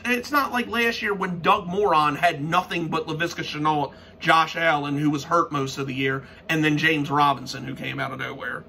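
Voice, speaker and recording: A man's voice: a little high, pushed and bright, slight background noise. Fired-up man ranting about football. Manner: frustrated, swearing, restarts sentences. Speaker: sports fan vlogger. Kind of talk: profane sports rant.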